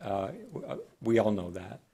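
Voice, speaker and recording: At a county board meeting, a man speaking as the public health director talks in a measured, halting way, restarting often. His voice is lowish, creaky, and mellow.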